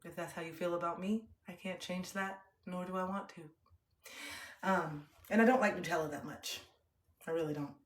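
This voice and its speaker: A young woman livestreamer talking to her chat in a calm, earnest, open way. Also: fairly low pitch, moderate pace. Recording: roomy echo.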